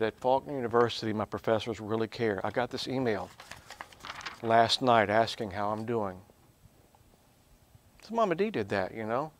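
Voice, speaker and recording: A male professor delivers a Bible lesson with lots of energy, shifting between quiet asides and loud, emphatic outbursts. His voice sits in the mid range.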